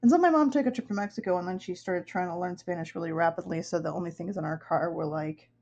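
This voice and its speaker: This young woman from upstate New York, USA, talks fast in a low-leaning, creaky, darkish voice, and the audio is dull. She's an artist streaming her work, casually rambling and laughing often while she draws.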